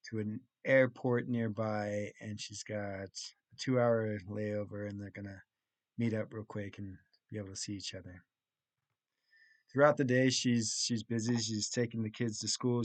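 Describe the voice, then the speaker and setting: A young adult man, a college student, recaps his week of classes in a lowish voice with no echo. He plainly retells a story step by step, pausing and restarting along the way.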